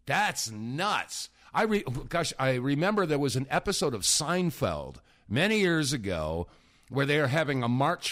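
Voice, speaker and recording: A middle-aged man hosting a call-in radio show, relaxed and unhurried, trailing off as he searches for things. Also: mid-range voice, creaky. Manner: unhurried, trails off while searching his computer. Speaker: radio talk show host.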